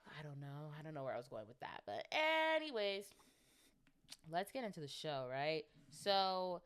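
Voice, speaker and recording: Young woman podcast host, deep and clear, loose chatty rambling straight to listeners. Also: lively intonation, fairly quick. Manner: rambling, chatty, lots of fillers; addresses listeners directly. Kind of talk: casual chat.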